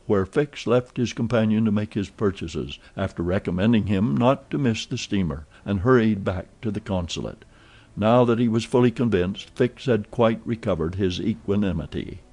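A male audiobook narrator reading a classic novel in scripted narration. His voice is mellow and warm, and he keeps an even, measured pace of storytelling. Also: lowish voice.

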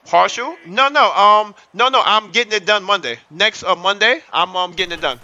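A man in his thirties chatting excitably on his livestream, hyping up the chat and repeating himself as he talks. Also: sits high, moderate pace, lo-fi sound. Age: 30s. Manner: excitable, repetitive, hypes up the chat. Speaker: livestream host.

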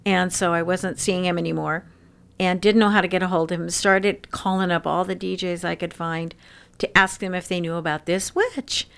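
A woman around sixty telling stories in an interview, lively and laughing often. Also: lowish voice, normal speed, vocal fry, clean tone. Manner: lively storyteller who laughs often and acts out quoted voices. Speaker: interview guest. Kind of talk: casual storytelling interview.

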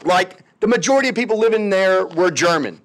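A man's voice: high-pitched, animated, brisk. A male history teacher giving a casual, chatty lecture with jokey, sarcastic asides.

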